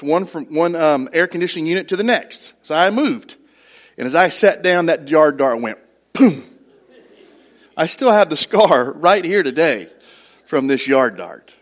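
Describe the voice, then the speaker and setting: Middle-aged male pastor, conversational sermon with questions to the congregation, voice sits a little high.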